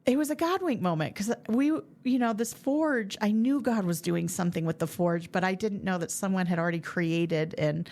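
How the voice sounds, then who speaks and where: A woman podcast host telling a faith story in a chatty, animated way, full of fillers and restarts. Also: fairly low pitch, normal speed, few pauses. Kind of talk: casual faith testimony storytelling.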